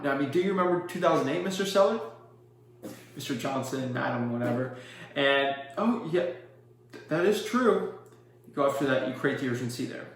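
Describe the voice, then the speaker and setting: A man coaching on real estate wholesaling, direct and salesy, acting out his rehearsed pitch lines. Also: lively intonation, moderate pace, long pauses. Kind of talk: instructional talk with sample sales pitches. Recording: very echoey room.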